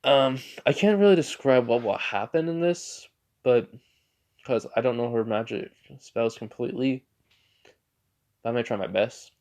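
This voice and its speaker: A man narrating a fan story in a rambling, halting way, often correcting himself. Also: mid-range voice, darkish tone.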